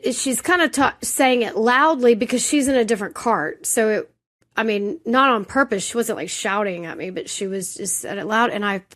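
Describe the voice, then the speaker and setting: A woman co-hosting a podcast, telling a personal story in casual chat, animated and self-deprecating. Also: medium pitch. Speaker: podcast co-host.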